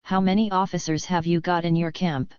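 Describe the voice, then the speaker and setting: Quiet kindly Russian revolutionary man, even soothing voice, smooth and low, read by a woman, dull dry recording. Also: fairly quick, no echo, lightly acted. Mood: calm.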